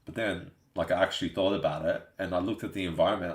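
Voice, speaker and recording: A low-voiced Australian man talks fast with fairly even intonation while hosting a live stream. Laid-back and chatty, he reads out and answers viewer comments, often adding "you know what I mean," in a room with noticeable echo.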